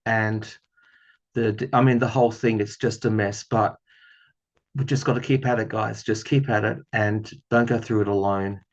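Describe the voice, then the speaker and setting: A man's voice: fairly low pitch, fairly even intonation, moderate pace, highs cut off. A man talking casually in a tarot reading vlog, rambling and earnest, often laughing at himself. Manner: rambling, earnest, chatty with self-deprecating laughs. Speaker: tarot reader.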